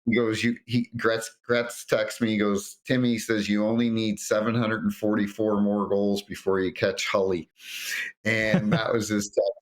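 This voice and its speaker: A middle-aged man, a former referee, telling lively anecdotes in an interview and acting out what others said. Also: on the low side, normal speed. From North America. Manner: animated anecdotes, acts out quotes. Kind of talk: storytelling interview.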